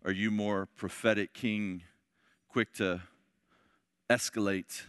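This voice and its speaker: Impassioned man preaching, forceful tone. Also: on the low side, steady tone, takes it slowly, clean tone, dry recording, studio quality. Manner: impassioned, swings from shouting to hushed. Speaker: pastor leading a men's Bible study. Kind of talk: sermon.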